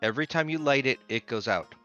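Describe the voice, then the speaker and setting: A man acting as game master, narrating a tabletop game in an animated, storytelling manner over a headset. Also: medium pitch, fast talker, highs cut off, soft background music.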